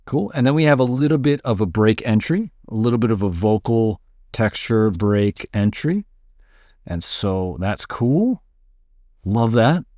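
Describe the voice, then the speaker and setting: A man casually teaching music production, thinking aloud while he works and muttering at his software. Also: fairly low pitch, lively intonation, measured pace, no room sound, studio quality. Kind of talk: casual screen-recorded tutorial.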